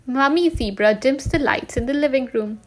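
A woman reading a children's story aloud in a slow, clear way. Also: sits high.

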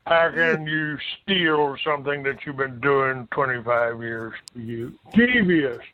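A man's voice: medium pitch, slow, close to an everyday voice. A man playing an indignant veteran host. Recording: dull clip with faint noise.

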